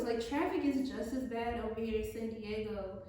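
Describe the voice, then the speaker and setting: Brief: young woman co-host, high bright voice, candid, echoey far-off room sound. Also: moderate pace. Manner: candid, laughing, blunt. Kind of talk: casual chat. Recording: echoey room, away from mic.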